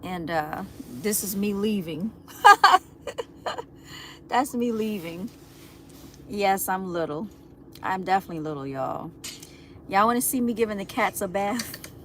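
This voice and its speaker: A chatty woman talks casually to her viewers, laughing often and calling them y'all. Her pitch sits in an ordinary middle range. A faint hiss of background noise stays under her voice. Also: expressive, a little slow, pauses often. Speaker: livestream host.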